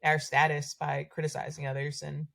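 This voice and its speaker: A woman's voice: sits low, completely flat delivery, moderate pace, creaky, a bit bright. A woman, a battalion chief guest on a podcast, chatting casually with lots of "like" fillers. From North Carolina. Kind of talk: casual conversation.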